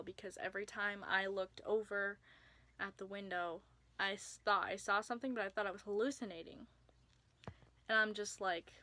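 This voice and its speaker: A woman's voice: mid-range voice, moderate pace, sharp tone. A young woman telling a personal story to camera in a casual vlog, chatty with lots of filler words and sudden whispers for emphasis. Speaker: vlogger.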